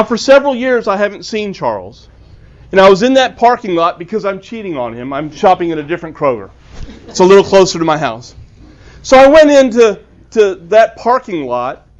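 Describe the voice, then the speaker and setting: A man, an author, giving a storytelling talk to a club, earnest and acting out the dialogue. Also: sits high. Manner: earnest, acts out quoted dialogue. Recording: dull lo-fi recording.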